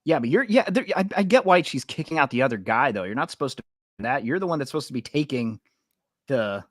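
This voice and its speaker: A man's voice: mid-range voice, quick pace, no room sound, clean studio sound. A man co-hosting a podcast, chatting casually and reacting to his partner's stories. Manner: relaxed, short reactions and opinions. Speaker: podcast co-host. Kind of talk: casual chat.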